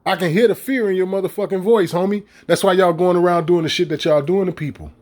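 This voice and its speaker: A middle-aged man with a slightly high voice rants in a loose, profane vlog. He mocks and fires off rhetorical questions, heated and blunt. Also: fast, darkish tone. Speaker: vlogger. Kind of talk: casual ranting commentary.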